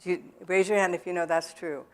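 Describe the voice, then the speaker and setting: A woman speaking in a church, telling her own story to the audience in a halting way, with many pauses and fillers. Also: on the low side, steady tone. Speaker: guest speaker at a recovery event. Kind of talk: personal testimony to a church audience. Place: church sanctuary.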